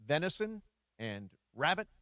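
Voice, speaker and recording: A man co-hosts a sports talk radio show in a dry, close studio sound. His voice sits fairly high, and he teases his partners and spins stories in a loose, playful way. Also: sing-song, measured pace, bright, forceful tone, no room sound. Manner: playful, teasing storyteller. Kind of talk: casual studio chat. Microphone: studio mic.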